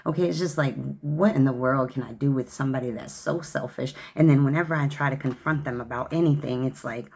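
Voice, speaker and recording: A woman's voice: a bass voice, a little fast, hardly any pauses, a little mellow, slightly rough. A woman giving a tarot card reading in a sassy, chatty way, calling the listener honey and child. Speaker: tarot reader.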